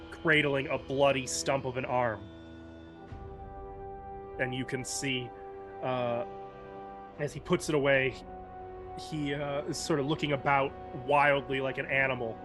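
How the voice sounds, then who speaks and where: Man narrating a dark tabletop scene. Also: medium pitch. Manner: measured, descriptive storytelling. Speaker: game master.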